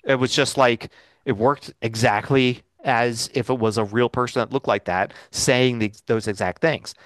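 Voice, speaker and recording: A man's voice: medium pitch, steady tone, normal speed, dry recording. Man chatting casually, dry sound. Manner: rambling, loose delivery with many fillers. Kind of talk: casual chat. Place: home recording studio.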